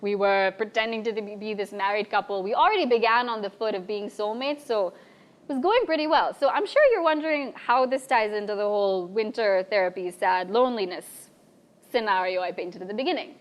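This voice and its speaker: A young woman telling a personal story live on a bar stage, lively and animated, acting out her own past lines. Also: mid-range voice. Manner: lively, animated, acts out quoted voices. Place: bar stage before an audience.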